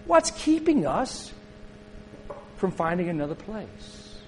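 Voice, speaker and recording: A man's voice: high-pitched, sing-song, slow pace, darkish tone, a little hiss or hum, low-quality recording. A middle-aged man preaching a sermon as a pastor, telling a story in a conversational way and turning to ask the congregation questions.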